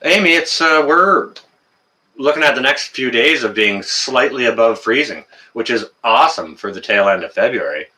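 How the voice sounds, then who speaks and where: A man's voice: mid-range voice, animated, normal speed, sharp tone. A Canadian man hosting a casual livestream, greeting viewers in the chat by name and chatting with plenty of fillers. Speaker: livestream host.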